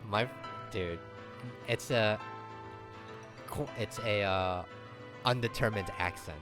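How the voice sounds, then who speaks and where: A man's voice: lowish voice, slow pace. A man streaming a visual novel, chatting casually, swearing and saying dude a lot. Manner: laid-back, swears, says dude a lot. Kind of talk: casual let's-play commentary. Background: game background music.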